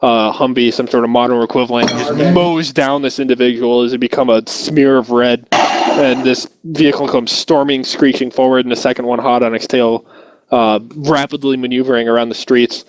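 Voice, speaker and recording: A man's voice: mid-range voice, fairly even intonation, moderate pace, noisy background. A man acting as game master, describing scenes cinematically in a loose, hesitant way with frequent restarts. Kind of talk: narrating a tabletop game.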